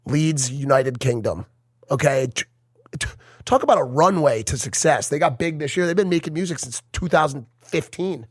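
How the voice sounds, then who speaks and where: This young man co-hosts a podcast, and his voice sits a little high at a moderate pace, recorded at studio quality with no room sound. He trades casual banter and tells stories with lots of emphasis, animated throughout.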